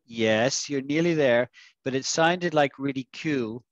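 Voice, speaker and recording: A man's voice: mid-range voice, dry recording, dull audio. Patient man teaching on a video call. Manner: patient, coaxing, models pronunciation slowly. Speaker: English teacher. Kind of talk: online class vocabulary lesson.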